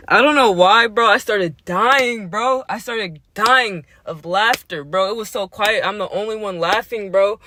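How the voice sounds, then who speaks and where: A man hosting a casual show, telling a story in an animated, slangy, profane way, often laughing. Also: sits high, normal speed. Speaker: host.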